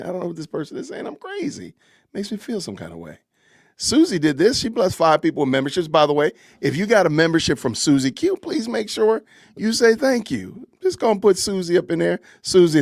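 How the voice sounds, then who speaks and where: Man with a gravelly, lively voice. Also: fairly high pitch, no room sound, clean studio sound. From Southern United States. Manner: chatty, reads out viewer comments and thanks donors, repeats phrases. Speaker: podcast host. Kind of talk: casual live-stream commentary.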